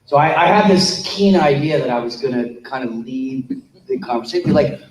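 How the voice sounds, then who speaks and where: Chatty actor on a convention panel. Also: male voice, mid-range voice, animated, normal speed. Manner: chatty, leans on fillers. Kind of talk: casual anecdote on a convention panel. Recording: distant, echoey room with faint hum.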